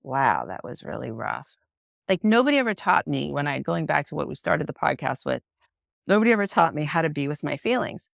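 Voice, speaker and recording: On an unscripted podcast, a psychotherapist guest talks reflectively, frankly and personally, acting out the voices of people she quotes with lots of expression. Her voice is low and gravelly and she speaks fast, captured in clean studio sound with no echo.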